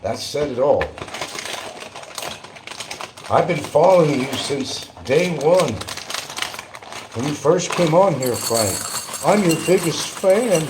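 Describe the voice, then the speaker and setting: An older man on a livestream, delivering a combative rant that swings between shouting and muttering. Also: mid-range voice, animated, takes it slowly, pauses often, noisy background. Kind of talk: ranting livestream monologue. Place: island town, outdoors or at home.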